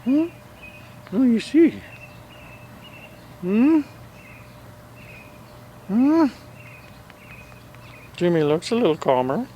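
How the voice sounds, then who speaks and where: A man's voice: high voice, very animated, very slow, pauses often, mellow, dull audio, slight background noise. A man filming his dogs at home, coaxing them in sing-song baby talk. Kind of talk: casual talk to pets on camera.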